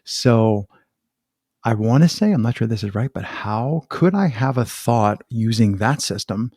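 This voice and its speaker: A man's voice: medium pitch, measured pace, no room sound. Playful man hosting, dry close sound. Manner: animated, self-deprecating, laughs often. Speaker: podcast host. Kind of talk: conversational podcast interview.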